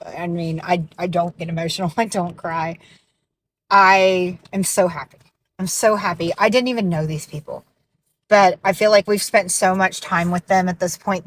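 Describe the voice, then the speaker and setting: A young woman, chatting casually with fillers and restarts in a true crime video update. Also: lowish voice. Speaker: true crime content creator.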